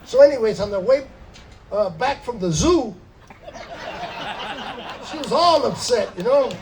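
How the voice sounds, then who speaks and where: Older man with a high voice doing stand-up on a stage mic, mixing in Spanish voices. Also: lively intonation, measured pace, far from the mic, a crowd in the background, low-quality recording. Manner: storytelling, slipping into Spanish and acted voices. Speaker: stand-up comedian. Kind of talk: stand-up comedy set. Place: live theater stage before an audience.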